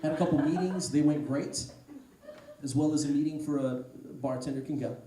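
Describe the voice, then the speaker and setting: A man doing a stand-up comedy set, telling a rambling story with deadpan asides. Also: fairly high pitch, brisk, a loud crowd. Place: comedy club stage. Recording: echoey room, distant mic, noise. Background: audience laughter.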